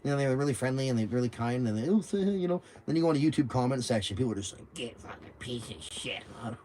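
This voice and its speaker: A young man, rambling through stories on a livestream and loudly acting out what people said, swearing freely. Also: mid-range voice, rapid-fire, a little hiss or hum. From Canada. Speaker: livestream host. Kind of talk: casual livestream chat.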